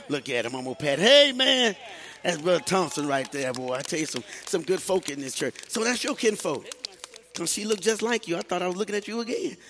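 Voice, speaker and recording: In a church sanctuary, a pastor with a mid-range, slightly bright voice chats with his congregation during a service. He delivers a sermon and greets the congregation, often breaking in with "amen."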